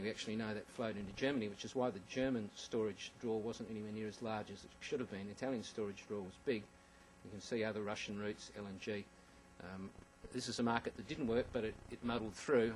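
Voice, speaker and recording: Fast-talking man giving a slide presentation. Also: on the low side, slight background noise, rough recording. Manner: wry asides, frequent ums and restarts. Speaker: conference speaker.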